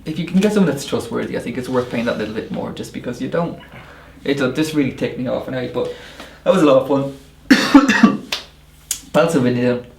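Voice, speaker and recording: A man with an Irish accent, a barista co-hosting a casual podcast chat, telling emphatic, animated stories. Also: medium pitch, brisk, creaky, echoey room, a little hiss or hum. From Ireland. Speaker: barista and co-host.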